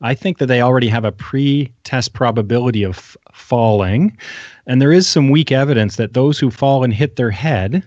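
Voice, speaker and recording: Man, wry and animated, medical panel talk, laughs a lot, dry close sound, dull lo-fi audio. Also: mid-range voice, no room sound. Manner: wry, animated, laughs often, quick asides. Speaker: physician panelist reviewing medical studies. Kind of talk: casual panel discussion.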